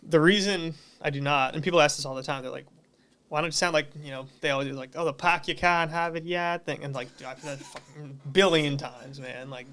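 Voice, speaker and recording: A man's voice: a little high, steady tone, fairly quick, sharp tone, smooth. A man from the Boston area, a musician guest on a podcast, talking casually in a rambling way with many fillers. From Massachusetts, near Boston.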